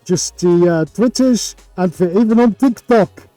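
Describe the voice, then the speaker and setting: A man's voice: high voice, measured pace, warm tone, no echo, soft background music. A man doing a goofy mock-Swedish voice. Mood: silly. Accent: put-on mock Swedish. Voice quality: sing-song, mangled words.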